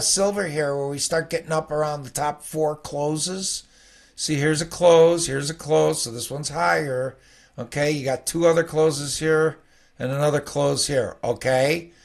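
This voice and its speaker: A middle-aged man with a gravelly, fry-laden voice talks through trading charts in a loose, rambling way. He keeps tossing in "okay?" as he points out levels and closes, like a floor trader teaching at his desk. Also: on the high side. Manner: rambling, conversational, peppered with "okay?". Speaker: futures trading educator. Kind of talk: casual chart walkthrough.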